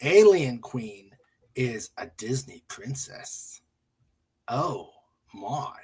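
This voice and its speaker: A man's voice: mid-range voice, big pitch swings, very slow, darkish tone, slightly rough. A man hosting a casual stream, reading memes and jokes aloud, chuckling and muttering to himself. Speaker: livestream host.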